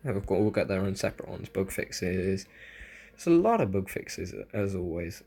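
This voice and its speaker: Young male gaming creator, lowish voice, casual patch-notes read with eager reactions. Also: normal speed, creaky, slightly rough. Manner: casual, excitable asides between read-out notes. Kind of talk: reading patch notes with commentary.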